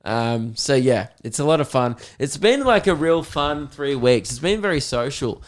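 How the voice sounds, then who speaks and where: A man's voice: mid-range voice, normal speed. Swearing, laughing Australian man. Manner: swearing, laughing, animated storytelling. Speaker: podcast host. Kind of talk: casual chat.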